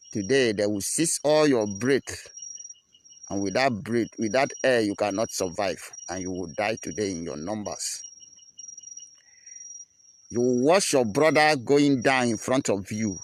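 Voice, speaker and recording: Low-voiced man with a Nigerian accent. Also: a little hiss or hum. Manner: preaching, repetitive chanting cadence. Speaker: activist broadcaster. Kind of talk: impassioned broadcast address.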